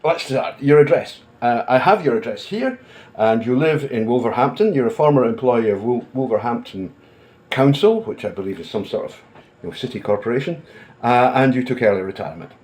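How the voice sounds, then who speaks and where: A man speaks at a middle pitch in a blunt, combative way. He addresses the camera casually from indoors at home and swears freely. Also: lively intonation, brisk, darkish tone, rough recording. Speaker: commentator.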